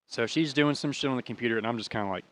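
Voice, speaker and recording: Racing along in a mid-range, fairly bright voice, this young American podcast host tells a story from his own life. It's loose and rambling, full of cursing, and emotion runs all through it.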